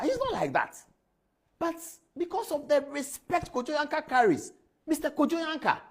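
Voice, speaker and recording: A Ghanaian man delivers fired-up commentary as a news presenter. His husky voice swings widely up and down in pitch, and he drives his points home by repeating the same names over and over. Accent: Ghanaian English. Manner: preachy, repeats names for emphasis. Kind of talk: impassioned studio commentary.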